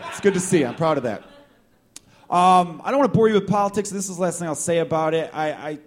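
A male stand-up comedian with a slightly high voice and a profane, riffing delivery. He works a small live crowd, swinging between loud bursts and mutters.

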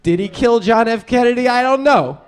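A blustery old-timer stand-up comic, played by a man, with a voice pitched on the high side. He rambles and brags about his hometown in crude, swaggering bursts. It plays as live character comedy on a stage. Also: moderate pace, smooth. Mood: boastful. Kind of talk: improvised character comedy interview.

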